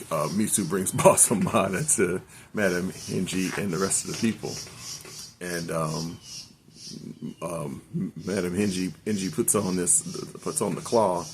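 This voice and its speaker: A man's voice: low voice, creaky, slight background noise. An older man casually recapping an anime episode, rambling with many ums and self-corrections. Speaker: anime reviewer.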